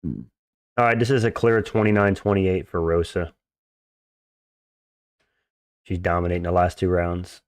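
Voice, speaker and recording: A man's voice: sits low, level tone, fairly quick, no echo, studio quality. A man live-streaming fights, chatting casually, reading out chat questions and answering them bluntly with crude jokes. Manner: blunt, joking, crude and dismissive.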